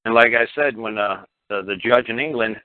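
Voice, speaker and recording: A man's voice: medium pitch, normal speed, no echo. Blunt swearing radio host guy lecturing a caller, thin phone-line sound, dry. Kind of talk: call-in radio advice.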